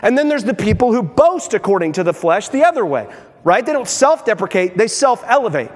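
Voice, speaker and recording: A male pastor preaching a sermon, animated and acting out the voices he quotes. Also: high voice, a little fast. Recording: long reverb of a large hall.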